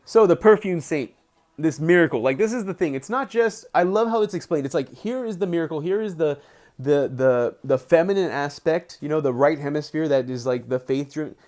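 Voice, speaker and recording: A young man with a slightly high voice reads aloud and chats at home. He drifts into excitable, rambling asides, leaning heavily on "like" as he goes. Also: fairly quick. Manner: excitable, rambling, heavy on filler "like". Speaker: live streamer. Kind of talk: reading aloud and casual commentary. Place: indoors at home, settled under a blanket.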